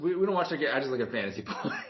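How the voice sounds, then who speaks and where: A man's voice: medium pitch, sing-song, very fast, slight background noise. A man co-hosting a casual sports podcast, swearing, laughing a lot and fumbling for names. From Milwaukee. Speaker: podcast co-host. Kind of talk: casual chat. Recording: dull lo-fi podcast audio.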